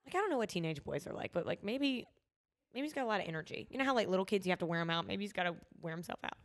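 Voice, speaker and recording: A woman co-hosting a laid-back podcast talks very fast at a medium pitch. She tells stories animatedly and laughs a lot as she chats.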